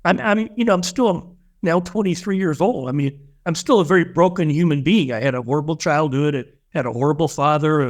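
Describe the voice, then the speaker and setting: Interview guest: a man with a slightly high voice, earnest and emotional, storytelling with restarts. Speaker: guest, spiritual teacher.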